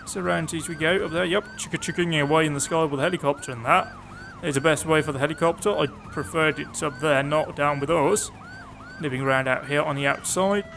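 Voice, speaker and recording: A young man giving chatty, sarcastic commentary over his own police-driving gameplay, with sudden excited outbursts. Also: fairly high pitch, fairly quick, gravelly, slight background noise. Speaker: gaming YouTuber.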